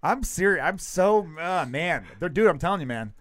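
A man hosting a podcast, chatting casually with quick, profane, joking banter. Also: high voice, lively intonation, no room sound, studio quality. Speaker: podcast host.

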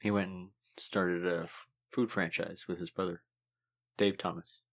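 A man co-hosting a podcast in casual banter, joking, swearing and boasting with deadpan mock seriousness. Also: sits low, unhurried. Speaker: podcast co-host.

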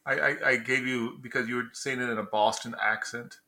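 Chatty man with a bright, sharp voice. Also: medium pitch, steady tone, fairly quick. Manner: chatty, stumbling and correcting himself. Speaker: podcast co-host. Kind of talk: casual chat.

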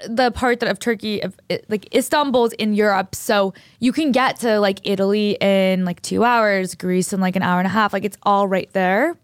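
A woman's voice: medium pitch, fairly even intonation, moderate pace, hardly any pauses, dry recording, clean studio sound. Rambling young woman podcast host. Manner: rambling, heavy use of "like", storytelling. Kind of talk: casual chat.

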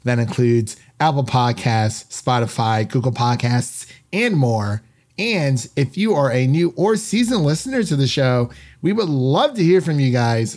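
A man's voice: medium pitch, a little mellow. Chatty male podcast host. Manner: upbeat, chatty with frequent fillers and restarts. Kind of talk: casual podcast chat.

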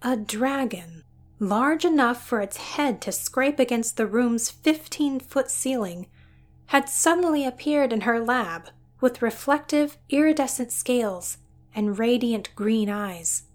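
Storyteller, a woman. Even, descriptive reading, slightly high. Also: a little slow. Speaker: narrator. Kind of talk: scripted story narration.

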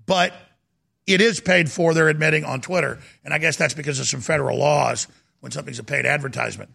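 A middle-aged man hosting a talk show, ranting and mocking, sometimes rising to a shout. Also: fairly high pitch, fairly even intonation, fast talker, gravelly. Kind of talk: heated political talk show monologue.

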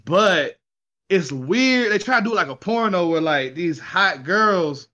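A man in casual chat, telling a story in an animated, slangy way, swearing and laughing as he goes. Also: high voice, unhurried. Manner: slangy, says y'all and ain't.

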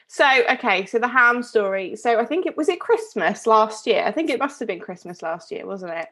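A woman's voice: on the high side, lively intonation, brisk, a bit bright. Woman from devon, casual podcast chat, lots of ums and restarts, storytelling. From Devon, England. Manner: chatty storyteller with many fillers and restarts. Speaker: podcast co-host.

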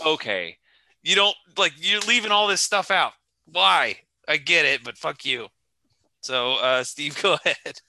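A woman's voice: low voice, lively intonation, unhurried, pushed and bright, no room sound. A woman co-hosting a casual film podcast, complaining with exasperated, profane remarks. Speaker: podcast co-host.

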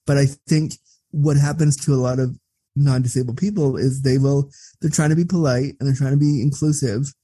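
Candid guest: outspoken, cursing man, husky and mellow, close dry sound. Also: medium pitch, a little fast, no echo. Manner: blunt and profane, animated when telling stories. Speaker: interview guest. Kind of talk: candid conversational storytelling.

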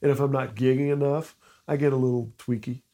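A man on a casual podcast telling a bar joke, animated and doing voices for each character. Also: mid-range voice, brisk. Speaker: podcast co-host, musician.

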